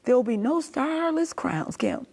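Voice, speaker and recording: A woman's voice: sits high, huge pitch swings, unhurried, a little mellow, breathy edge. A middle-aged woman giving a heartfelt personal testimony as an interview guest, telling her story and acting out what others said. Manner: storytelling, acting out quoted speech; impassioned, pleading.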